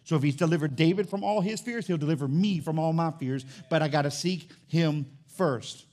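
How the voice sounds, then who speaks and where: A man's voice: on the high side, moderate pace, a little mellow. A man preaching a sermon as pastor, building in intensity and acting out back-and-forth dialogue.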